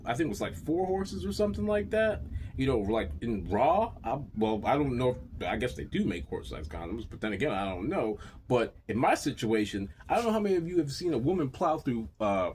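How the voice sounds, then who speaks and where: A man tells a profane, rambling comedy story. His pitch jumps all over the place as he talks. A faint hiss of noise sits under the voice. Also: a little fast. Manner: crude, profane and rambling, with lively pitch swings. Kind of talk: stand-up storytelling.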